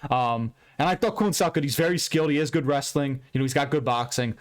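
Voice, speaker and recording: A man giving a casual, profane and rambling recap of a fight card, with bursts of excitement. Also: medium pitch, fast talker. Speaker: MMA commentator recapping fights.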